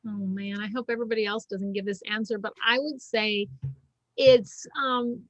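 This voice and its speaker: A woman's voice: mid-range voice, fairly even intonation, moderate pace, no room sound. A middle-aged woman talking as a podcast guest, telling stories earnestly with many likes and you-knows. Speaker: podcast guest, shamanic healer and former physician. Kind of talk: casual interview chat. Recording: dry close sound.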